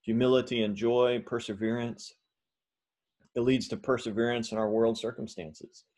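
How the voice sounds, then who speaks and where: A man preaching a sermon, his voice sitting at an ordinary middle pitch. He talks in an animated, conversational way, with the odd filler and restart. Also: moderate pace. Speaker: pastor.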